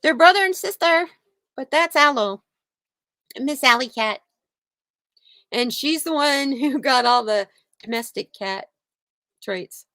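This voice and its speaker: A chatty woman with a high voice talks slowly and rambles through a casual stream at home, laughing as she goes. The sound is close and dry. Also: expressive, pushed and bright, dry recording. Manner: rambling, chatty, laughs often, coos at her cats. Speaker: channel host. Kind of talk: casual chat on a live stream. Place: home room with a heater.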